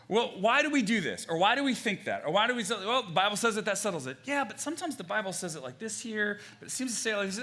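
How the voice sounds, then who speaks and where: Bright, animated man preaching a sermon. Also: sits high, fast talker. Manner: conversational and animated, many fillers and restarts, acts out quotes. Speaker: pastor. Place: church stage.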